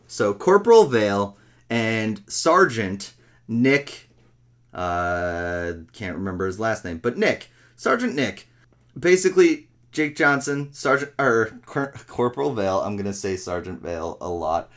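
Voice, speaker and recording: A man's voice: fairly low pitch, measured pace. A man casually recapping and reviewing a movie, rambling and often correcting himself as he goes. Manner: rambling, self-correcting, animated retelling.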